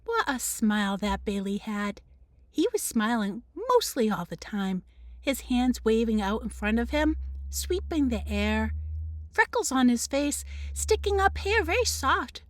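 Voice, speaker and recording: A woman, a teacher, reading the first chapter of a children's novel aloud in an expressive storybook manner. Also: on the high side, measured pace, dry recording.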